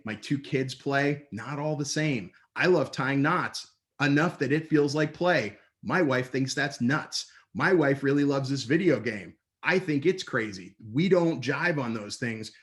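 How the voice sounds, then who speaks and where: A man giving an upbeat, playful presentation over a video call from home. He tells stories and jumps into quick voices when he quotes people. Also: medium pitch. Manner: lively, playful storyteller with quick put-on voices for others. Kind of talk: energetic online talk. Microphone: computer mic on a video call.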